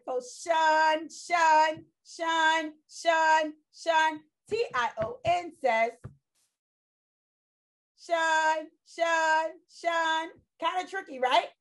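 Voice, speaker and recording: Slow, high-voiced phonics teacher. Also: female voice, a bit bright. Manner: slow, sing-song, drawn-out sounds, encouraging. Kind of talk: phonics lesson for young children.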